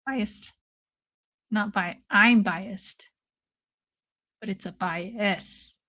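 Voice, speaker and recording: A woman hosting a casual watch-along stream, excitable and swearing freely, calling everyone "dude" while taking shots. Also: medium pitch, extremely slow. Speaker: livestream host.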